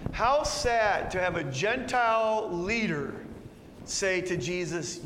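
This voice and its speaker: High-voiced pastor guy preaching verse by verse, emphatic, lots of rhetorical questions, echoey church hall. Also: a little slow, a bit bright, slight background noise. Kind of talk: expository Bible teaching sermon. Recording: long reverb, faint room ambience.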